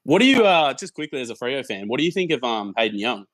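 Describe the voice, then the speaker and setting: A young Australian man, a podcast guest, chatting casually and telling animated stories, often repeating words as he goes. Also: mid-range voice, fast talker, no echo. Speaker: guest, football content creator.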